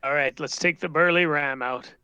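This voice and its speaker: A man playing in a tabletop game, speaking politely and measured in character. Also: on the high side, sharp tone, clear, resonant tone. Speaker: player. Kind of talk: casual tabletop role-play.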